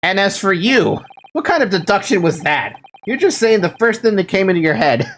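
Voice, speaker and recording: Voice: mid-range voice, very animated, moderate pace, background noise, voice pushed up, close to an everyday voice. A streamer voicing a flustered, earnest young male lawyer while reading game dialogue aloud on stream, in an exasperated, emphatic way. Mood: skeptical.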